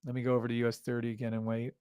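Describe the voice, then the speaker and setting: A man hosting a live trading stream, loud and hyped, cursing freely and dropping from shouts to mutters. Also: medium pitch, monotone, racing, clear, resonant tone, no echo.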